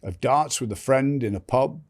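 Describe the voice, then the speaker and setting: A man's voice: mid-range voice, moderate pace. An older man telling his life story candidly as a podcast guest, blunt and swearing freely, often restarting sentences.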